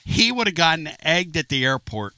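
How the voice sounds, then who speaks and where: Brash bright-voiced radio host man. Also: a little high, moderate pace, clean tone, no echo, studio quality. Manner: animated storyteller, does mock voices, brash. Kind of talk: sports talk radio chat.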